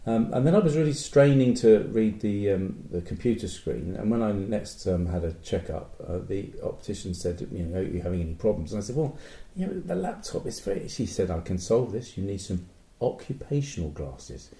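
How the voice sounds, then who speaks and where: A man co-hosting a casual podcast, rambling through stories with dry jokes. His voice is very dark and mellow, and the recording carries the echo of a bare room. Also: fairly low pitch, animated, a little fast, hardly any pauses. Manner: jokey, rambling, puts on silly voices. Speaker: podcast co-host. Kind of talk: casual chat. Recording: echoey room.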